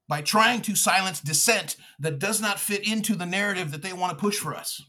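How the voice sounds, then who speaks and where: A fired-up man tears into his targets in a loud, profane political rant. His voice is bright and forceful and sits a little high for a man. He mocks, swears and pushes every point hard. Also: a little fast, few pauses. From United States. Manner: furious, profane, shouting and mocking. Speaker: podcast host.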